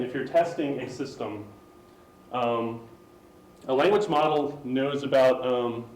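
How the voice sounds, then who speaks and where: An American man presents technical ideas at a meetup in a casual, conversational way, pausing on ums and drifting into asides. He sounds distant from the microphone, with a roomy echo and a faint hum of ambience behind him. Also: medium pitch, a little mellow. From United States. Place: meeting room, live-streamed.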